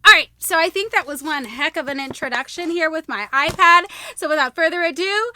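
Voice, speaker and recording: A woman's voice: high-pitched, animated, normal speed, noisy background. A young woman hosting her own channel, unboxing a gift box and gushing over each item with squeals of delight. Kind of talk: bubbly unboxing vlog.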